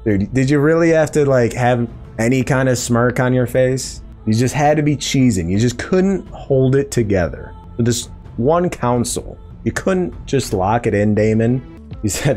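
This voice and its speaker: A man hosting a podcast, chatting in an excitable, casual way as he breaks down a TV episode. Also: medium pitch, normal speed, faint music behind. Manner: chatty, excitable, acts out quoted lines. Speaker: podcast host.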